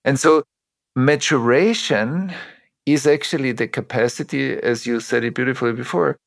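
Middle-aged male guest, mid-pitched, measured and reflective; draws on personal examples. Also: gravelly. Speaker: interview guest, trauma teacher. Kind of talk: reflective interview talk.

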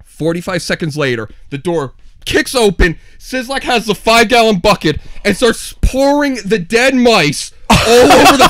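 A podcast co-host with a high voice tells a story at a moderate pace in a casual chat. He's animated and acts out the quotes, recorded on a studio podcast mic.

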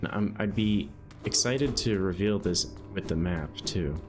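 A young man with a notably low voice streams a game and chats to his viewers. He rambles easily, dropping plenty of fillers between thoughts. Game music plays clearly behind him. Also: a little slow. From Northeastern United States. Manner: rambling, easygoing, many "um"s and "like"s. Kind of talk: casual live-stream commentary while gaming.

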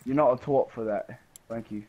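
A man chatting and joking with teammates while playing an online shooter, bantering with mock exclamations and shouting during fights. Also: medium pitch, moderate pace, phone-quality sound. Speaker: online multiplayer gamer. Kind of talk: casual gaming chat with teammates.

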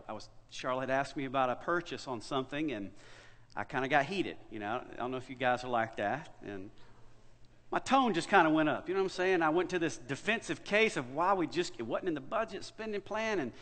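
A man preaching a sermon, telling a story with big swings between loud and hushed delivery. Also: fairly high pitch, big-room sound. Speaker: pastor. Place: church sanctuary.

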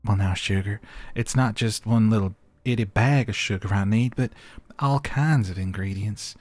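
A man's voice: on the low side, normal speed, faint music behind, lightly acted. A man voicing a pushy, sweet-talking Southern belle chef with a mock Southern US accent and a sugary drawl. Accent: exaggerated Southern US, mock.

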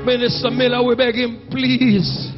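A man with a Jamaican accent preaching a fiery sermon as bishop and senior pastor, shouting in drawn-out exhortations and singsong pleas and calling on the congregation to answer. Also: extremely high pitch, level tone. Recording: dull lo-fi church recording with music.

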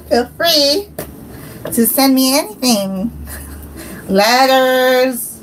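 Giggly slow-talking woman. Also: high voice, noisy background. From Hawaii. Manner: giggly, scattered, playful. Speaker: livestream host. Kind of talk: casual livestream chat.

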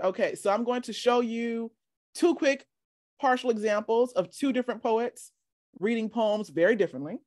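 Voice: medium pitch, normal speed, a little mellow, no echo, studio quality. A workshop leader teaching casually over a video call, chatty and encouraging, often asking "right?".

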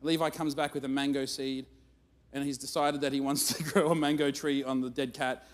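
A man's voice: mid-range voice, fairly quick. Man telling a story in a hall. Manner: animated, self-mocking storyteller. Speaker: guest speaker. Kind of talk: storytelling sermon. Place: church auditorium. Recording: long reverb of a church hall.

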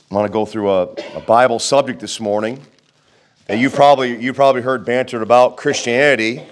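A man's voice: medium pitch, slight background noise. Folksy conversational preacher man. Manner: reads scripture aloud and prays. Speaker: pastor. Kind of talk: sermon.

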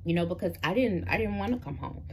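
A woman's voice: on the low side, lively intonation, quick pace, vocal fry, darkish tone, a little hiss or hum. A woman in her thirties, talking casually and directly to her viewers as she shares a personal faith story. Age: 30s. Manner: casual and chatty, talks straight to viewers as "y'all". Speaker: vlogger. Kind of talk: personal testimony vlog. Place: Memphis.

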